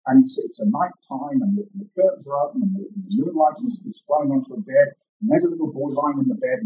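A man preaching a sermon, earnest and emphatic, often repeating and restarting his words. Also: mid-range voice. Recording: roomy, distant, dull mic.

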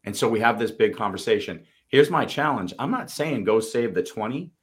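This Boston-accented podcast co-host tells earnest stories on a motivational show, speaking casually and swearing now and then. His voice sits on the low side, expressive, at a normal speed.

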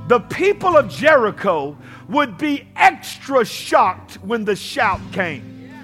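A male pastor preaching a sermon, often shouting and leading call-and-response with the congregation. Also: very high voice. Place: church.

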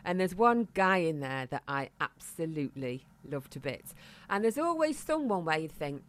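Woman, middle-aged, co-host, lowish voice, chatty and jokey. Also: big pitch swings, normal speed, few pauses. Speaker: podcast co-host. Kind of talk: casual chat.

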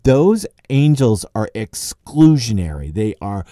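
A man hosts a podcast as a lecturer on Dante, delivering a conversational literary lecture as he thinks aloud and occasionally chuckles. His medium-pitched voice is dark in tone, moves slowly, and swings widely in pitch. The sound is clean studio quality with no room sound.

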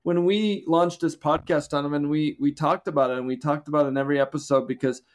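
A man co-hosting a podcast, telling a testimony story in conversation with animated, lively retelling. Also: on the high side, fast talker. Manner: animated, excited retelling with acted quotes. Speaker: podcast co-host.

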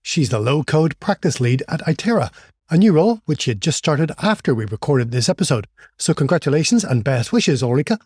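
Upbeat male podcast host, fairly high. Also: sing-song, fairly quick, a little mellow, husky, dry recording, studio quality. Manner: upbeat, friendly, jokey. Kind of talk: podcast intro and interview chat.

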